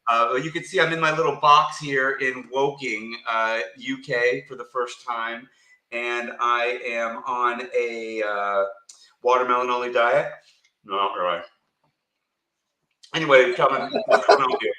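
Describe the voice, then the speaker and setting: A man co-hosting a live-stream talk show, loud, rambling and joking from a small room. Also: medium pitch, fairly even intonation, unhurried. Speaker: co-host. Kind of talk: casual live-stream chat. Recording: echoey room.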